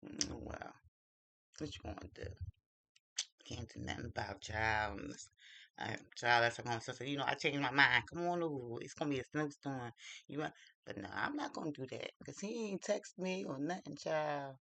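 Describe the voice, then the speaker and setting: A man's voice: mid-range voice, normal speed, vocal fry, pushed and bright, dry recording. A man vlogging at home while doing his makeup, telling a dating story in a gossipy, confiding way. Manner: gossipy and confiding, drawls "child" often. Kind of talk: casual storytelling chat.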